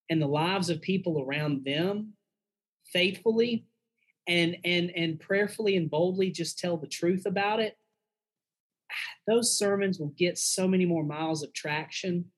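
A man's voice: on the high side, breathy edge, rough recording. A man, a pastor and guest, giving frank, earnest advice in a casual conversational way.

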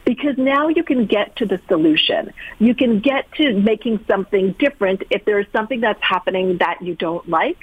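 A woman with a fairly high voice comes through a tinny, dry telephone line. She is a guest coach who answers questions in a direct, emphatic way. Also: breathy edge, no echo. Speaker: guest, peak performance coach. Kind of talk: interview answers.

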